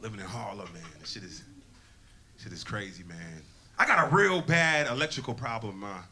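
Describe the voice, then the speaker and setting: A man's voice: on the low side, animated, moderate pace, sharp tone, slight background noise. A man from Connecticut doing a stand-up set, telling stories in loose, profane slang. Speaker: stand-up comedian. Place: comedy club stage. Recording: live club crowd with laughter.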